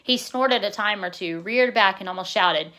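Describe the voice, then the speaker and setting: A woman narrating a novel in a plain, steady reading voice, now and then correcting her own slips. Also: mid-range voice, moderate pace.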